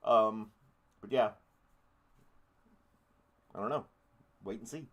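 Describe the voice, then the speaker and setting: A man's voice: fairly low pitch, takes it slowly, a bit bright. A man hosting a casual live-stream podcast, rambling through offhand thoughts with jokey, crude asides. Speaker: podcast host.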